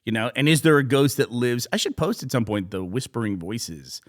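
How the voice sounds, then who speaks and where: A man's voice: medium pitch, fairly quick. A middle-aged man co-hosting a podcast, telling a rambling story in casual chat. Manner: rambling storyteller, animated retelling. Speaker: podcast co-host.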